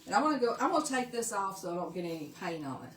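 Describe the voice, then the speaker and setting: A woman's voice: mid-range voice, big pitch swings, rapid-fire, echoey room, distant mic. A woman from Tennessee with a Southern accent, chatting casually while demonstrating a craft on a live stream and greeting viewers by name. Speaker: craft livestream host.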